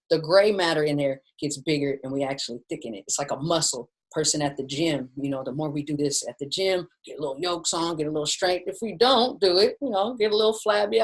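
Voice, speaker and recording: A woman leads a mindfulness lesson from home over a video call. Her delivery is relaxed and conversational, and she keeps turning to her listeners as "you guys". She sounds like a friendly teacher explaining things plainly. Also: low voice, low-quality recording. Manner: casual and chatty, often says "you guys". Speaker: mindfulness instructor. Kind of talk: casual teaching in a webinar. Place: at home with her dog nearby. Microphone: video call setup.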